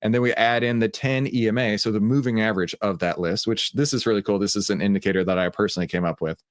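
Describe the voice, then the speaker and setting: A man's voice: fairly low pitch, fairly even intonation, fast, no room sound, studio quality. A middle-aged man with a Texan accent hosts a livestreamed trading room, talking casually with lots of fillers. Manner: casual and chatty, many fillers.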